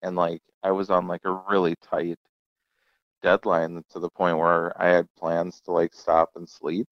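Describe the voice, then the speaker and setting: A man's voice: sits low, level tone, measured pace, no room sound, muffled recording. A young adult man, a comedian guest, telling stories in a casual, laid-back chat and acting out the people in them. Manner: laid-back storyteller, acts out quoted voices.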